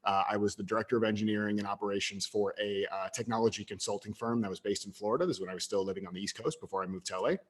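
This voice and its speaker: A man in his thirties, a podcast guest telling a story from his past in an animated way, with quick bursts of louder talk and stammered restarts. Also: fairly low pitch. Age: 30s. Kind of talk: casual storytelling interview.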